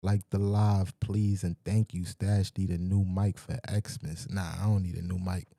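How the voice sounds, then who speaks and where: A man hosts a livestream and talks straight to his chat in a loose, slangy, profane way. His voice sits low and sounds very dark and mellow. The sound is dry and close. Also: little pitch movement, unhurried, no echo. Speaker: livestream host. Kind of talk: casual livestream chat with viewers. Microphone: desk microphone with mic checks.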